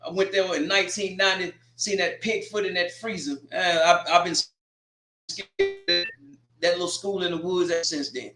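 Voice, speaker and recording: A man hosting a casual sports preview, animated and teasing as he calls out teams directly. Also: fairly high pitch, roomy sound. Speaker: sports show host.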